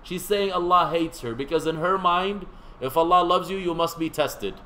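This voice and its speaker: A man's voice: a little high, normal speed, bright, forceful tone, slight background noise, low-quality recording. A man teaching a seminary class in a conversational lecture, quizzing his students and making joking asides.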